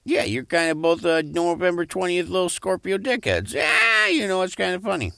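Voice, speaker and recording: A man's voice: high voice, big pitch swings, normal speed, gravelly, pushed and bright, no echo. Young man, comedy podcast co-host, rambling and vulgar, very dry recording. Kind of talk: crude comedy banter.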